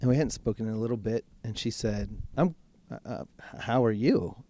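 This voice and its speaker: A man speaking as a podcast guest, telling a personal story in a frank, casual way and swearing freely, slowing right down when he wants to stress a point. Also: lowish voice, fairly even intonation, warm tone. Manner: slows right down for emphasis. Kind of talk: candid personal storytelling in conversation.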